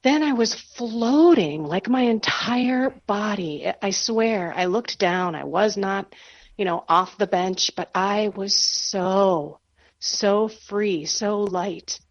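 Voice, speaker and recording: Animated woman telling her story. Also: mid-range voice, slow, highs cut off. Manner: animated, self-deprecating storyteller. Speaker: guest author. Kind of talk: personal testimony in radio interview.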